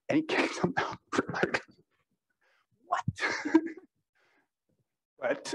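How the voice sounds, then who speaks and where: A man's voice: medium pitch, extremely slow, long pauses, a bit bright, low-quality recording. A man telling business anecdotes in a rambling, chatty way, leaning on "you know" and laughing at his own stories. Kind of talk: anecdotal storytelling talk.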